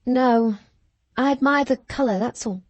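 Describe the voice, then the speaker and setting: A woman voicing a gentle, earnest young woman who speaks plainly and quietly firm in an audiobook. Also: fairly high pitch, measured pace, dry recording. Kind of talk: audiobook character reading.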